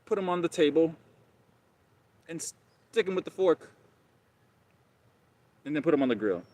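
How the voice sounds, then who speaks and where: A man's voice: fairly high pitch, expressive, unhurried, a little mellow, no echo, pitched above the performer's own voice. A man putting on the voice of a grand king issuing a royal decree, in a pompous, commanding way.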